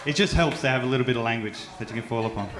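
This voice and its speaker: A man's voice: mid-range voice, rapid-fire. Australian man doing stand-up in a roomy club. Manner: chatty, self-mocking, with frequent stumbles and fillers. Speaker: stand-up comedian. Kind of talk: stand-up comedy set. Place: comedy club stage. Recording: roomy club sound with faint background noise.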